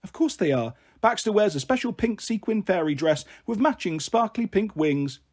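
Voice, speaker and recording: A man's voice: high-pitched, lively intonation, normal speed, a little mellow, breathy edge, pitched above the performer's own voice. A man voicing a protective big-sister girl who spins playful, coaxing fairy stories in a storybook reading.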